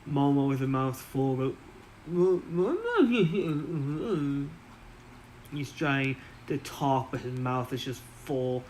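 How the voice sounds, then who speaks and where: A man narrating a tabletop game as game master, relaxed and halting with fillers. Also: mid-range voice, slight background noise, rough recording.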